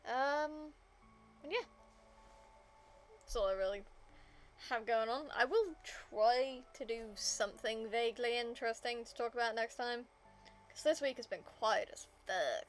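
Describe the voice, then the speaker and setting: A woman's voice: fairly high pitch, unhurried, long pauses, soft background music. A woman game streamer chatting casually to her viewers, rambling with lots of fillers.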